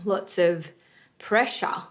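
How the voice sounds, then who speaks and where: A woman's voice: mid-range voice, slow. A woman co-hosting a podcast in casual chat, rambling with many restarts.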